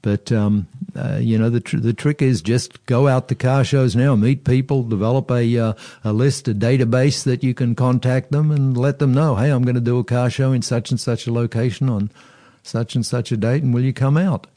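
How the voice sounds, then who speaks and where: Mellow, halting man in interview. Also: medium pitch, fairly even intonation, dry recording, clean studio sound. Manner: halting, frequent fillers and restarts. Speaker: car show founder. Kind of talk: casual interview conversation.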